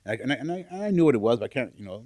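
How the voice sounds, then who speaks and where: His mid-range voice swings widely in pitch and races along, dark in tone and free of echo. As a podcast co-host in a casual, heartfelt exchange, he opens up about personal struggles haltingly, with many fillers and restarts.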